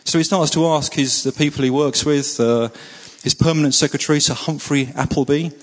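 A man preaching a sermon and praying, earnest, repeating words for emphasis and often pausing with fillers. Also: a little high, fairly even intonation, in a large hall. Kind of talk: sermon with prayer.

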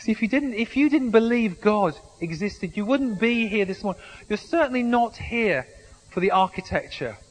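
A man's voice: high voice, animated, moderate pace, rough recording. A man preaching a sermon in a conversational way, with humorous asides and frequent restarts. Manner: conversational, self-deprecating humour, frequent restarts. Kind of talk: sermon with anecdotes.

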